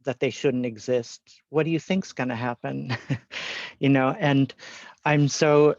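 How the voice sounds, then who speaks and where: A man's voice: mid-range voice, steady tone, unhurried, darkish tone, no echo, dull audio. A man hosting a panel discussion, speaking earnestly and laughing often over a video call. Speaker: host.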